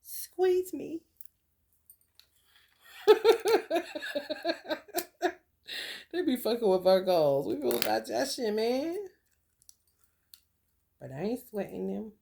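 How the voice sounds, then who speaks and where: Woman vlogger, gravelly voice, blunt and profane, animated spiritual reading with loud outbursts. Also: mid-range voice, unhurried, long pauses, slight background noise. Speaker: spiritual content creator. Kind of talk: casual spiritual vlog reading.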